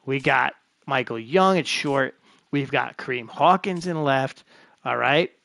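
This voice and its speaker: A man streams a baseball management game, chattily narrating to himself while arranging his players. The voice is mid-range, a little slow and fry-laden, somewhat bright, recorded without room sound.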